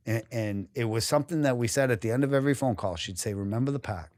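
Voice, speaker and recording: A man's voice: mid-range voice, fast talker, a little mellow, dry recording, clean studio sound. A man from New England, a guest on a podcast, telling his story candidly and emotionally, swearing freely and often breaking off and restarting.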